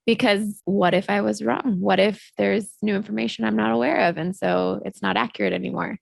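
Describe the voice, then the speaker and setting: A woman with a heavily gravelly, fry-laden voice, talking reflectively and hedging her points as a podcast co-host. The sound is close and dry, with a middling pitch. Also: fairly even intonation, brisk, no echo. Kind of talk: casual podcast chat.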